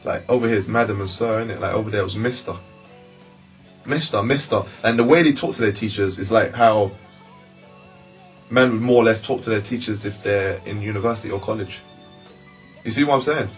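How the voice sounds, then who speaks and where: A young man with a London accent telling a story in a relaxed, slangy way. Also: fairly low pitch, a little fast, pauses often, faint music behind. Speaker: interviewee. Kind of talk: casual storytelling.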